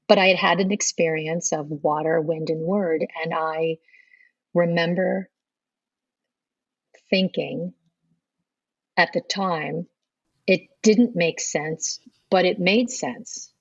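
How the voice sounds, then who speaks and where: A woman's voice: fairly low pitch, fairly even intonation, takes it slowly, pauses often, no echo, lo-fi sound. A middle-aged woman, a podcast guest, telling her conversion story in earnest and acting out remembered dialogue. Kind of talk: personal storytelling interview.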